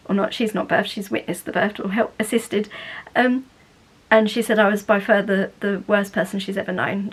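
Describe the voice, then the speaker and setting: A woman's voice: mid-range voice, slightly rough, low-quality recording. A woman in her thirties from England, talking candidly to the camera in a casual vlog, chatty and full of restarts. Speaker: vlogger.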